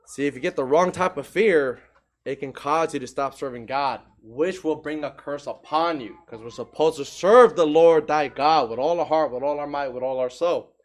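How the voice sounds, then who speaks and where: High-voiced man preaching emphatically. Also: normal speed. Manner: emphatic, throws rhetorical questions at the congregation. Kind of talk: sermon.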